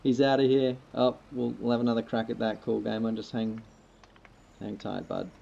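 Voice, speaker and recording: Gravelly, mellow-voiced man streaming. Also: mid-range voice, level tone, moderate pace. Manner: laid-back, rambling, joking. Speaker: livestreamer playing a farming game. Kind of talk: casual gameplay chat with viewers. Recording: slightly muffled lo-fi mic.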